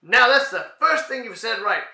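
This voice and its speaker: A man voicing a patient, matter-of-fact man who calmly insists while explaining the team's names, in a comedy dialogue reading. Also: moderate pace, vocal fry, reverberant, heavy background noise, heavily acted. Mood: insistent. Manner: calm, insistent, lower register.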